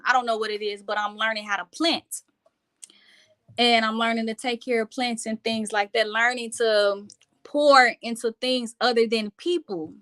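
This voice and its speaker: A woman's voice: on the high side, pushed and bright. A woman vlogger talking casually and reflectively to her viewers on a live stream, speaking to them directly from home.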